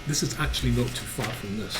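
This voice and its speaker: A man, a rabbi teaching a lesson as an animated storyteller, full of filler words. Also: mid-range voice, quick pace, noisy background.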